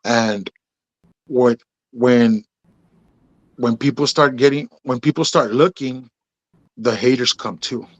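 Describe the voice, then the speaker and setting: Easygoing guy telling a story on a podcast, says bro a lot, does the voices of people he quotes, dry mic, mid pitch. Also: slow, pauses often, dry recording, highs cut off. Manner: laid-back, drops in "bro" and "man", acts out quoted dialogue. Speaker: podcast host telling his story as a guest. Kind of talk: casual storytelling interview.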